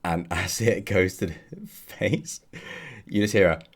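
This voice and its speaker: Deep-voiced man as a relaxed, rambling game master. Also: unhurried. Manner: casual, rambling, with fillers and chuckles. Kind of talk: narrating a tabletop game.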